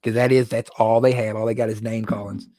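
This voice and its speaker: A man's voice: lowish voice, level tone, quick pace, mellow, dry recording. A man hosting his own weekly livestream from his studio, chatting casually, joking and laughing often. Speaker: livestream host. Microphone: phone or computer livestream.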